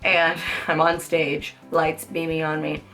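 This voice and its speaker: A young adult woman, a beauty vlogger, tells embarrassing stories in a casual, chatty way, swearing, laughing often, and saying "like" constantly. Her low-pitched voice is slow, flat in delivery, and fairly bright, with faint music behind.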